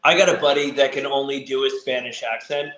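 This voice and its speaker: A man's voice: medium pitch, steady tone, a little fast, a bit bright, slight background noise. A man hosting a casual podcast, laughing a lot and swearing as he chats. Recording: echoey room.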